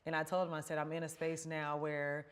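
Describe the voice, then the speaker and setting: A woman's voice: sits low, monotone, brisk, smooth. A woman in a casual faith conversation, chatty and confiding, telling personal stories with quoted asides.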